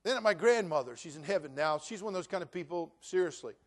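A man in his sixties, a pastor preaching a sermon, telling humorous stories and then building to loud preaching. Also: a little high, lively intonation, quick pace.

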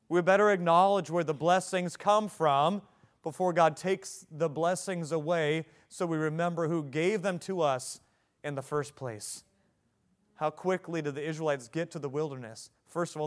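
A man's voice: a little high, normal speed. A man in his thirties, a pastor preaching a sermon with rising emphasis and repeated phrases.

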